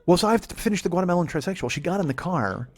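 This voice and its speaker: A man's voice: sits high, expressive, rapid-fire. A man hosting a comedy podcast, telling a crude, rambling story with sarcastic asides. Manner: crude, sarcastic, jumps into silly voices.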